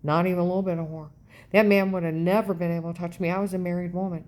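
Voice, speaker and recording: A woman's voice: fairly low pitch, level tone, very fast, darkish tone. A middle-aged woman giving an intense, rambling personal monologue as a vlogger, often checking in with "okay?".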